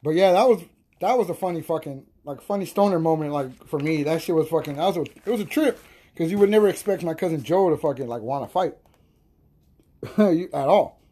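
A podcast host spins a rowdy tale in a loose, profane, laughing monologue. His voice sits high for a man. The tone is soft and mellow, never sharp. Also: a little fast, slightly rough. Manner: animated, profane, laughing storyteller. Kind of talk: casual storytelling monologue.

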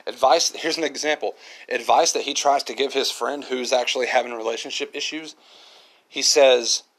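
A man's voice: medium pitch, moderate pace, fairly bright tone. Man hosting a reflective solo podcast. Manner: earnest, reflective, repeats himself. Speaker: podcast host.

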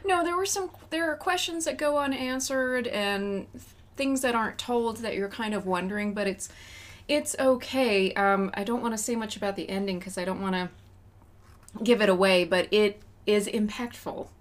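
A woman co-hosting a casual chat about movies, chatty and quick to laugh. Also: medium pitch. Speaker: podcast co-host.

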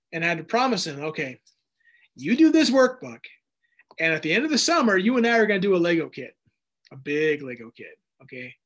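High-voiced animated male preacher. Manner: animated storyteller, acts out dialogue in raised voice. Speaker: pastor. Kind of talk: sermon with personal stories.

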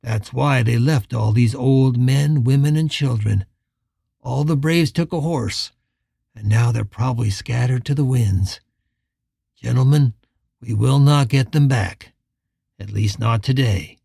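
A man voicing a calm, menacing frontier posse leader who speaks quiet, slow and commanding. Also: mid-range voice, gravelly, slightly rough, no room sound, studio quality, voice pushed down.

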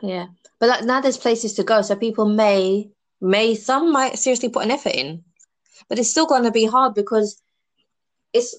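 A woman's voice: a little high, moderate pace. A woman chatting casually as a podcast guest, eating snacks while she talks. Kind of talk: casual chat.

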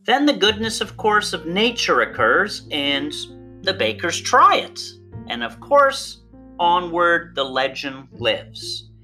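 A course instructor giving a recorded online lecture, playful and theatrical, with big swings in pitch for emphasis. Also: very animated, slow, sharp tone, soft background music. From Canada.

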